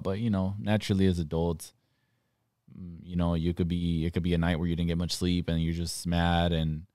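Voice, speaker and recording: Young man hosting a chat podcast, very deep and even voice, relaxed delivery. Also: clear, resonant tone, dry recording, clean studio sound. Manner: laid-back, speaks in loose restarts and fillers. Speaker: podcast host, father. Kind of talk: casual chat.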